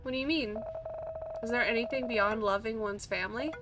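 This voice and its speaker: A woman's voice: a little high, fairly quick, distant mic, very noisy, close to an everyday voice. A woman voicing a loyal, earnest dog. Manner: earnest, longing. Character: loyal, gentle dead pet dog.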